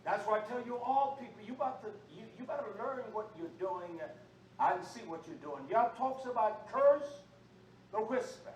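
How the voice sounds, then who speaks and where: A man preaching a sermon with call-and-response, swinging from low talk to shouting. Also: lively intonation, moderate pace. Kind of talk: fiery sermon. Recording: echoey room, far from the mic, faint noise.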